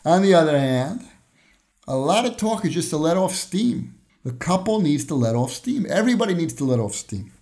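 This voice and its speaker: This male podcast host and Torah teacher has a fairly high, slightly mellow voice that swings widely in pitch at a normal speed. He explains through ordinary examples, performs brief dialogues, and chuckles occasionally in his conversational lesson.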